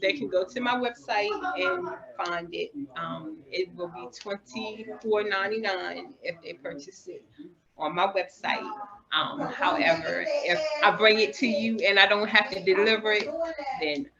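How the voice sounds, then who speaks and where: A woman from Maryland with a Southern accent, a guest author speaking softly and earnestly in a casual interview. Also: mid-range voice, unhurried, vocal fry. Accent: Southern American. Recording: dull lo-fi audio with crowd noise.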